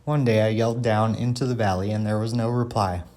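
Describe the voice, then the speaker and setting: Kindly old grandpa in a storybook, gentle and low-voiced, read by a male narrator. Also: fairly even intonation, brisk, close to an everyday voice. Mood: storytelling. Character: kindly elderly grandfather telling tales.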